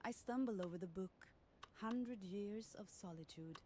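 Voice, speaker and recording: A woman's voice: medium pitch, normal speed, a loud crowd, lightly acted. A woman playing a reflective, chatty radio DJ in a game, talking between songs with a self-mocking laugh. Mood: musing. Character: mellow, thoughtful female late-night radio DJ. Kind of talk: scripted radio host monologue.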